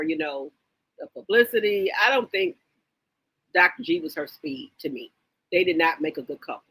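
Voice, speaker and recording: Animated gossiping woman with a husky voice. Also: low voice, low-quality recording. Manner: animated, exclaims and repeats herself, reads chat comments aloud. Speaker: livestream host reading viewer comments. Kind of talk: casual reality-TV gossip chat.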